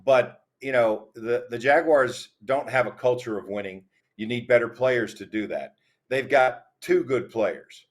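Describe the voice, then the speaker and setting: A man on a sports talk panel, telling stories in a relaxed conversational way. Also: medium pitch, measured pace. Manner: storytelling, conversational.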